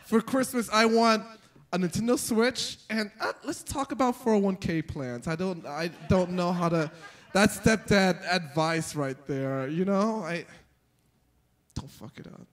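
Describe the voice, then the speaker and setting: A young man performing a stand-up comedy set, telling stories with animated delivery and jumping into high squeaky voices for the characters. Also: a little slow. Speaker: stand-up comic.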